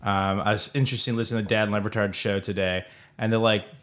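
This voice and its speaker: A man with a somewhat low voice co-hosts a casual sports podcast. He rambles and stumbles through restarts, getting animated as he goes. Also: fairly quick. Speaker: podcast co-host.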